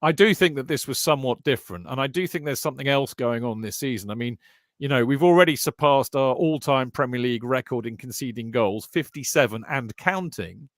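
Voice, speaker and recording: Talking a little fast in a mid-range voice, a football podcast co-host jokes around with his friends in a lively, casual chat, stumbling over sentence restarts and calling everyone mate. The studio sound is clean, with no room sound.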